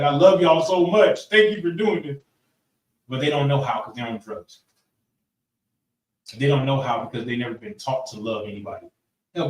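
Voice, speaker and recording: Man, class leader, casual preachy delivery, echoey room, mic far off. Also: mid-range voice. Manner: casual, repeats phrases, asks the room for agreement. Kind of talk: preaching-style group lesson.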